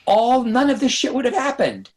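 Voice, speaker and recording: Man telling brisk, lively anecdotes. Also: very high-pitched, rough recording. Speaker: guest screenwriter and director. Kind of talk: casual podcast interview. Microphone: podcast microphone.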